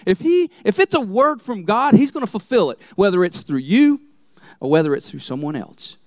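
A male pastor preaching a sermon in church, telling the story in an animated way and laughing often. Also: sits high, moderate pace, dry recording.

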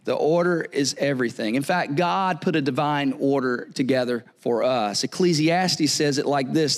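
A man's voice: medium pitch, moderate pace, few pauses. A man preaching a sermon in a conversational, joking way, often repeating words and checking in with "right?". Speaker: pastor.

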